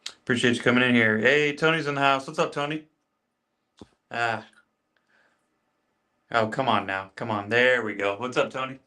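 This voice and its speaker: A man's voice: medium pitch, steady tone, moderate pace, pauses often, pushed and bright. A man hosting a casual livestream, chatting with viewers while demonstrating his beard care routine, greeting people by name and repeating his phrases. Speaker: livestream host.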